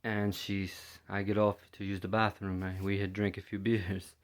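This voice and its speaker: Guy from london telling his story, lots of um and you know, low and flat. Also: moderate pace. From London, England. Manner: hesitant, heavy with fillers and restarts. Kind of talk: first-person storytelling monologue.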